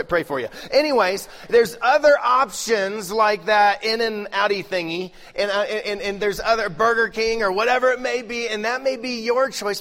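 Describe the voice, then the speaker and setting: A middle-aged male pastor preaching a lively, joking sermon, swinging between loud bursts and hushed asides. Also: high-pitched. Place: large church hall. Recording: live sermon with long hall reverb.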